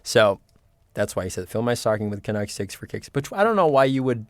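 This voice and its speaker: A man's voice: on the low side, very animated, fairly quick, dry recording. A man hosting a livestream, singing along to karaoke and chatting playfully with viewers, laughing often. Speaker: livestream host.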